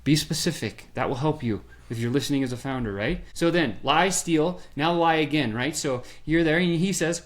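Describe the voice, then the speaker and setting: A man guest on a podcast, explaining a sales method with lively storytelling and quick bursts of acted-out dialogue. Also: on the high side. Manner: animated storyteller, acts out quoted voices. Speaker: podcast guest, software founder. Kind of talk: energetic sales pitch in conversation.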